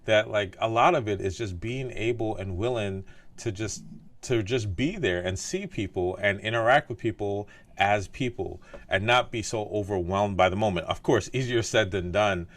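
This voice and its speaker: Low-voiced host musing casually. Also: male voice, normal speed. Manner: thoughtful, heavy use of "like" and "right?". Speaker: podcast host, doctor. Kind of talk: casual interview chat.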